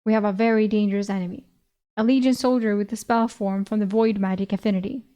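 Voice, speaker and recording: A man's voice: high-pitched, fairly even intonation, fast talker, warm tone, smooth, close to an everyday voice. A woman reading the lines of a stern male general in a fantasy audiobook, hard and commanding. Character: stern male general grieving his sister.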